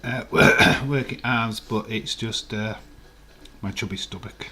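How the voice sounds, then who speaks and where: A man's voice: lowish voice, steady tone, slow pace, pushed and bright, a little hiss or hum. An English man hosting a live stream, chatting casually and rambling as he reads out viewers' comments and chuckles along. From England.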